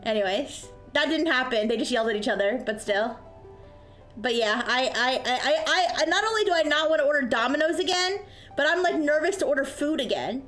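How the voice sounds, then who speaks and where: A high-pitched woman streams from her desk microphone and chats with her viewers. She tells a story in a casual, animated way and acts out the voices of the people in it. Soft music plays quietly behind her. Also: a little fast.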